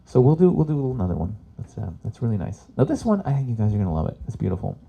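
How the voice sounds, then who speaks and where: A man's voice: mid-range voice, very animated, fast talker, husky, lo-fi sound. A man in his forties from Canada doing chatty stand-up comedy as a workshop host. He swears freely and laughs at his own jokes. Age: 40s. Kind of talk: live stand-up comedy talk.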